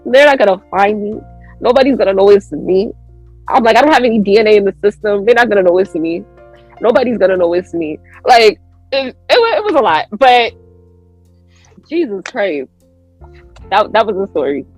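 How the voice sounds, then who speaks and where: A woman's voice: moderate pace, long pauses, no room sound, faint music behind, poor audio. A woman guest on a podcast telling a story in casual chat, acting out quoted lines with big jumps in her voice. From United States. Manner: animated, acts out quotes with big pitch jumps.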